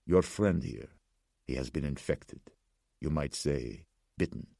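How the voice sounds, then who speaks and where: A somber old survivor speaks in a measured, ominous tone, voiced by a man. The voice sits extremely low with a gravelly rasp. It is dry and close to the mic. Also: dark tone, no room sound, full character voice.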